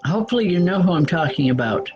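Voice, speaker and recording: Woman giving halting psychic readings. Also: fairly low pitch, animated, a little mellow, slightly rough, highs cut off. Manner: halting, frequent restarts and self-corrections. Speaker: spiritual reader hosting a call-in show.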